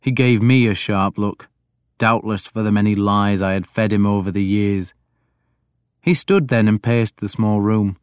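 A man reading a first-person story as audiobook narrator, in a reflective, even manner. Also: fairly low pitch, unhurried, smooth, no echo, studio quality.

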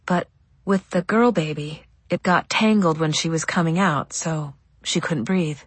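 A woman playing a weary, tender young mother who speaks softly and sadly to her child. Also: sits low, unhurried, breathy edge, no echo. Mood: gentle. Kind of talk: audiobook dialogue.

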